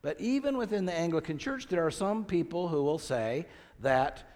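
A man's voice: a little high, expressive, moderate pace, darkish tone, big-room sound. A man preaching a sermon as pastor, reading scripture aloud with rising emphasis and asking the congregation questions.

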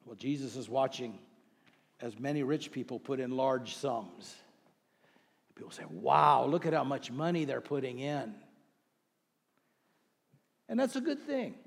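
In the long reverb of a large hall, a man preaches a sermon conversationally, asking the congregation questions and rising into emphatic bursts. His darkish, breathy voice sits at medium pitch with big swings, and he speaks a little slowly, pausing often.

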